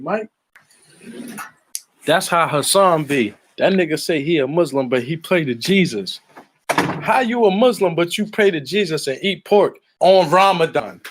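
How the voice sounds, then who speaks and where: A man from the Baltimore area talks in a somewhat high voice. He delivers a profane, boastful monologue full of slang and combative trash talk. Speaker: online commentator.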